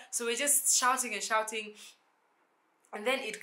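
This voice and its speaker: A young woman telling a storytime vlog, animated and acting out the dialogue in shifting voices. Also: fairly high pitch, brisk. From South Sudan. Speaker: YouTuber.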